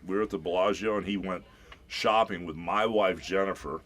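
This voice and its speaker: Very deep-voiced man telling a story. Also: a little fast. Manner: animated storyteller who acts out quotes, calls people brother. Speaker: celebrity guest. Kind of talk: casual radio interview storytelling.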